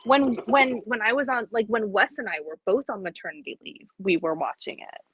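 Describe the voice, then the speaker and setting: A woman's voice: a little high, lively intonation, a little fast, fairly bright tone, a little hiss or hum. A woman guest chatting casually and playfully, telling stories with hesitant fillers. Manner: playful storyteller, slips into silly voices, hesitant fillers. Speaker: guest and class instructor. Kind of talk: casual chat.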